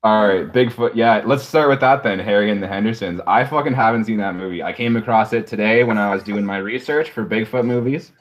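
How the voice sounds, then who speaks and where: A man's voice: on the low side, fairly quick, hardly any pauses. A man hosting a casual movie podcast, talking in a laid-back way with plenty of swearing and fillers. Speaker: podcast host.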